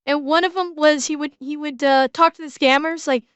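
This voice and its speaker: A woman streamer chatting casually as she reacts to a video, halting and repeating her words as she hunts for them, swearing freely. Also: high voice, fairly even intonation, fairly bright tone, no echo, dull audio.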